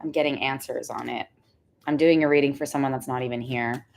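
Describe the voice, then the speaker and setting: A young woman reading tarot on a livestream, chatting casually with viewers. She is excitable and says "like" a lot. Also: rumbling low, brisk, gravelly. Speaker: tarot reader hosting a livestream.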